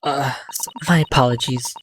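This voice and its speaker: A woman's voice: a bass voice, fairly even intonation, normal speed, slight background noise, voice pushed down. A woman reading the lines of a flustered, apologetic young man accused in a game.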